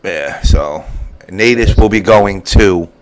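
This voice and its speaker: A man's voice: deep voice, slow. A man hosting a casual online show, tired from lack of sleep, teasing and crude with his guests over a voice call. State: sleep-deprived. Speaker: show host.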